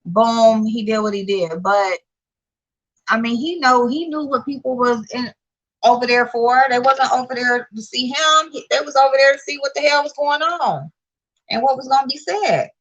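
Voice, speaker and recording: A woman's voice: fairly high pitch, moderate pace, fairly bright tone, highs cut off. A woman, a channel host giving casual, profane commentary, blunt and sassy, rising to exasperated outbursts. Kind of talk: casual live-stream commentary.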